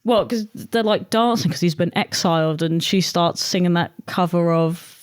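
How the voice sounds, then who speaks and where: A woman co-hosting a casual chat, animated, laughing often and swearing freely. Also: on the low side, moderate pace, no echo, clean studio sound. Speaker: podcast co-host.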